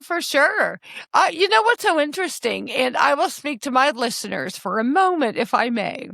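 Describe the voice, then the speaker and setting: A woman in her forties hosts a podcast conversation, her voice high and bright with a gravelly fry running through it. She speaks earnestly and with passion, pressing her points with emphatic appeals. The sound is dry and close, with no room around it. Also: very animated, normal speed, no echo. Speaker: podcast host.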